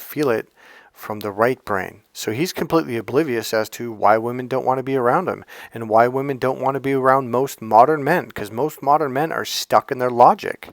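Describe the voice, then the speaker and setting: A man's voice: medium pitch, fairly bright tone, dry recording. Brash male dating coach, swears freely, mimics people to mock them, dry close sound. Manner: blunt and profane, mocks others with put-on voices. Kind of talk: casual advice monologue.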